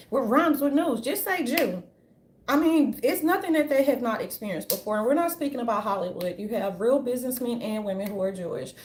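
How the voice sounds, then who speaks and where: A woman giving an unscripted commentary rant, brash and profane, with a sassy, animated delivery. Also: medium pitch, slight background noise. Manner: brash, profane, sassy, repeatedly says "darling"; animated, jumps into mocking voices. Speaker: commentary vlogger.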